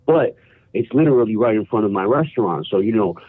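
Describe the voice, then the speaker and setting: A man from New York calling in by phone and telling a story in animated slang, often saying "bro" and "yo". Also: fairly low pitch, fast, dry recording. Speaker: caller. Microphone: phone call. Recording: tinny phone line.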